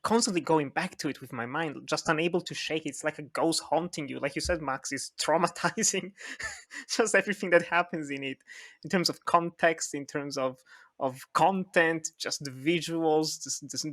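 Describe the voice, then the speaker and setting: A man's voice: on the high side, fairly bright tone. A man hosting a podcast about books and films, talking casually and laughing often. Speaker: podcast host. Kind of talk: casual chat.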